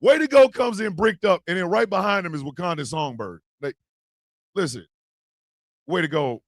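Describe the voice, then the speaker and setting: A man hosting a comedic live stream, joking loudly and swinging between shouts and mutters. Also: high-pitched, animated, normal speed, dry recording. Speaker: livestream host.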